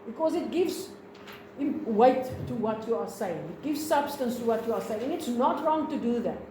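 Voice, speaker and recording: A South African woman teaching a lesson, explaining slowly, repeating points and asking the class questions. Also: on the high side, animated, mellow, roomy sound, slight background noise, low-quality recording.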